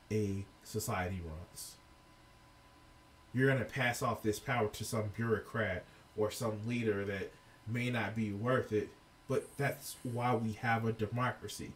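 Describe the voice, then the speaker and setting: A man's voice: lowish voice, recorded from a distance, slight background noise. A man giving heated, profane reaction commentary as a video reviewer, exasperated and ranting.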